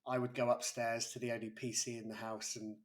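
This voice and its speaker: A man in his forties, a guest on an interview, telling a personal story in a halting way with many restarts. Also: medium pitch, level tone. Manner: halting, with frequent restarts and a breaking voice. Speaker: interview guest, YouTuber and school pastoral lead.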